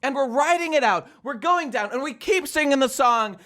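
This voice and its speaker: A man on a comedy podcast, telling a mock-patriotic story and breaking into shouted singing. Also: very high voice, lively intonation, normal speed, few pauses, noisy background. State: hoarse from shouting. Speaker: podcast host.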